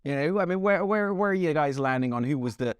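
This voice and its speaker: A man co-hosting a casual sports podcast, his pitch leaping around as he jokes. He sits a little higher than most men and laughs easily. The sound is close and dry. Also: fast talker, smooth, no echo. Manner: animated, jokey, laughs often. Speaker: podcast co-host. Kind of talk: casual chat.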